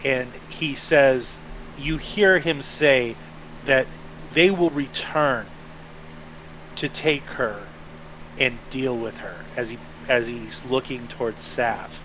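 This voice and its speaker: Slow, hesitant male game master. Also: medium pitch, a little hiss or hum, low-quality recording. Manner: relaxed, hesitant, many fillers. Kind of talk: narrating a tabletop game.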